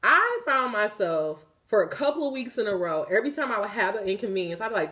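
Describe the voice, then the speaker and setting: A woman giving a casual spiritual tarot reading, animated and profane, often laughing as she talks. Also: medium pitch, fast, hardly any pauses. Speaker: tarot reader.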